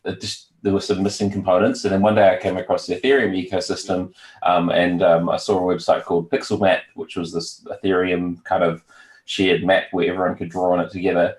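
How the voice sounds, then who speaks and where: Low-voiced New Zealand man, echoey room. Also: fairly quick. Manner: relaxed, hesitant with many fillers. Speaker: guest, virtual world founder. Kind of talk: casual interview chat.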